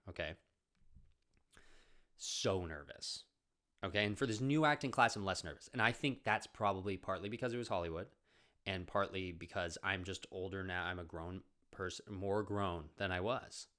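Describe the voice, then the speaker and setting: Young man, deep low voice, casual rambling storytelling, swears a lot, podcast host. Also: moderate pace, pushed and bright, clean tone. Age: 20s. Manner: rambling, swears often, acts out quoted voices.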